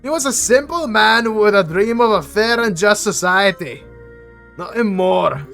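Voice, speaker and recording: Man voicing an indignant dwarf rabble-rouser, loud and raised in pitch. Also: animated, measured pace, faint music behind, exaggerated voice. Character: proud indignant male dwarf labor organizer.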